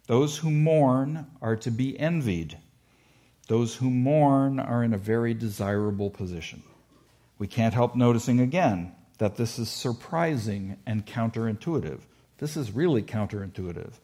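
Man giving a measured Bible lecture. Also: mid-range voice, lively intonation, dark tone. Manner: measured, explanatory, slows to stress quoted verses. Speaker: Bible teacher.

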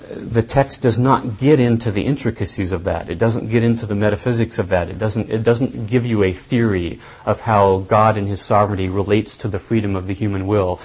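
A man giving a lecture on scripture, thinking aloud deliberately and stressing key points. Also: lowish voice, a little mellow, husky, poor audio. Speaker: Bible teacher.

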